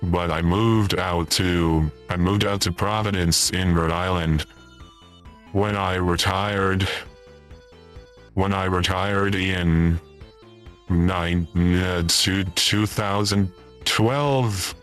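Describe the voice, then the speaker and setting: Deep low voice, slow halting delivery, forgetful rambling old man played by a man, faint music behind. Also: steady tone, fairly bright tone, exaggerated voice. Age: older. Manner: halting, repeats himself, rambling. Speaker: streamer in character. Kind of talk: comedic in-character livestream chat.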